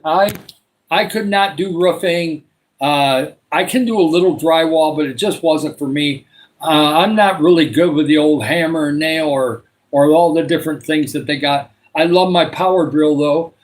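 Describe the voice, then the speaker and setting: A man's voice: a little high, normal speed, poor audio. Chatty Michigan man hosting a livestream. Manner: rambling, many filler uhs. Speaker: livestream host. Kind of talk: casual live chat with viewers.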